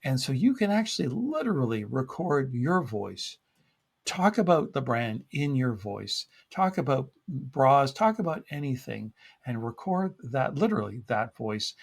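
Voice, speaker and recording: Husky man presenting a workshop. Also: medium pitch. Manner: conversational, explaining step by step with fillers.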